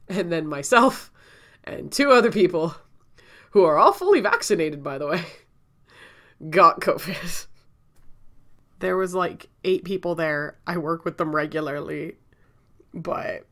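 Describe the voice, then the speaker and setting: A woman's voice: lowish voice, expressive, measured pace, long pauses, a bit bright. A woman telling a casual story-time vlog while sick and out of breath, chatty and rambling, often laughing and coughing between thoughts. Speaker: vlogger.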